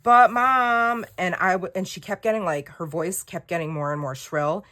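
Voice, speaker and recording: Low-voiced woman rambling candidly. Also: a little fast. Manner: rambling, candid storytelling with quoted dialogue. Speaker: journaling creator. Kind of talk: casual chat while journaling.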